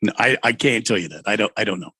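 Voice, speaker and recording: A man co-hosting a sports radio show, chiming in with short, halting remarks in casual banter. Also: lowish voice, pushed and bright, slightly rough, no echo, studio quality. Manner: halting, brief interjections. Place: radio studio.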